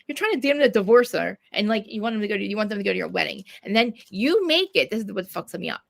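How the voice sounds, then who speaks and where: Gravelly, cursing woman ranting. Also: medium pitch, sing-song, fast. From New Jersey. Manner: profane, ranting, many restarts. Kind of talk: casual chat.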